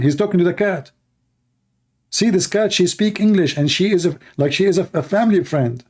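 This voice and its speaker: A man's voice: a little high, brisk, darkish tone. A man hosting a show, giving mocking commentary on a video in sarcastic, broken English. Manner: sarcastic, repeats himself, broken English grammar. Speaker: host.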